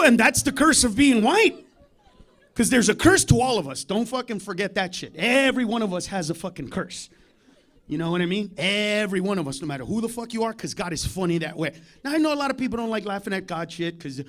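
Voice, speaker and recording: A man does live stand-up at a comedy club, profane and combative. He needles the audience and swings between muttering under his breath and shouting.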